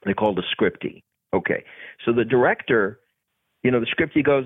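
Male actor guest, gravelly and husky, animated storyteller who acts out other voices, dry phone-like audio. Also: mid-range voice, fast, dry recording. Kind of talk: casual storytelling interview. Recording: tinny phone-like podcast audio.

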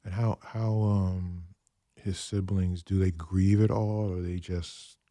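A man hosting a radio interview, asking polite, soft-spoken questions. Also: low-pitched, fairly even intonation, takes it slowly, no echo, clean studio sound. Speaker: radio host.

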